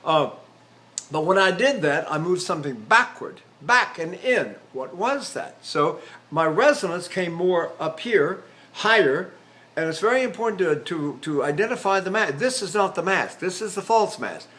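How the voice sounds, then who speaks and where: A man's voice: high voice, lively intonation, moderate pace, a bit bright. An older man, a trained tenor, giving a voice lecture, explaining technique and breaking into sung syllables and vowels, with fillers and restarts. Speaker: voice teacher. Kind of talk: vocal lecture with sung demonstrations.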